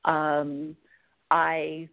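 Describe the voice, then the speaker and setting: A middle-aged woman with a lowish, gravelly voice talks as a podcast guest. She tells her own story in a candid, rambling way, full of fillers and restarts. Her voice comes through a thin, phone-like line. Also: monotone, very slow. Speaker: guest author. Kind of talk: personal storytelling in a podcast interview.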